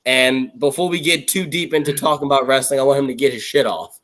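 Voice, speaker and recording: A man's voice: mid-range voice, fast talker, a bit bright. A man hosting a podcast in casual chat, laid-back and hesitant with fillers. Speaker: podcast host.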